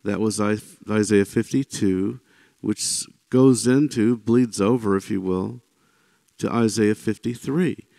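Guy doing a casual bible teaching, kinda gravelly, dry close sound, keeps saying right? and you know. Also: on the low side, measured pace, no room sound. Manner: conversational, often checks in with "right?" and "you know"; animated when voicing quoted speakers.

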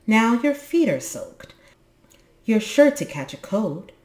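A warm-hearted, practical storybook mother troll with a motherly, solemn way of speaking, as a woman puts her on. Her voice is raised and fuller than the reader's usual low voice. The room around it is echoey. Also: sing-song, slow.

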